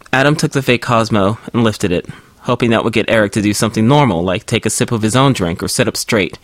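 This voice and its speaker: A man reading a story aloud in an even, measured way as the narrator. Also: lowish voice, dry recording. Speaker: audiobook narrator. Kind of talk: scripted narration.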